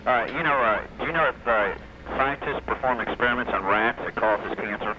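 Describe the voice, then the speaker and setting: A man's voice: mid-range voice, a little fast, noisy background. A man calling in to a radio show, talking in an offhand, indifferent way over a fuzzy phone line. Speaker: caller. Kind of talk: phone call-in.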